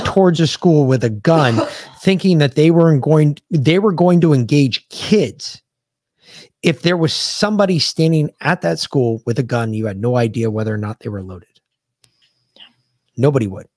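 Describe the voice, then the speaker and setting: A man's voice: on the high side, animated, normal speed, darkish tone, dry recording, clean studio sound. A man from the United States, a podcast host, bluntly and profanely retelling a combat story in casual conversation.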